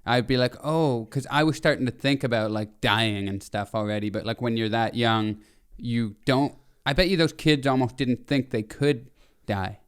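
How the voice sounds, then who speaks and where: A man's voice: medium pitch, normal speed, clear, resonant tone. A man in his thirties co-hosting a podcast, talking casually and animatedly, laughing often and rambling with restarts. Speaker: podcast co-host. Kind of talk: casual chat.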